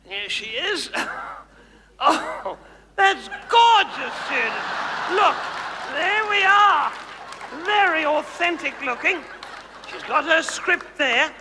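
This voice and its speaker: A man's voice: very high voice, sing-song, slow pace, pauses often, crowd noise, background noise, exaggerated voice. A man performing a flamboyant suburban housewife turned megastar, gushing and condescending, directing volunteers in a comedy stage show. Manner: theatrical, condescending, gushing endearments. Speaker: host directing audience volunteers. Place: large hall. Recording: reverberant hall with audience.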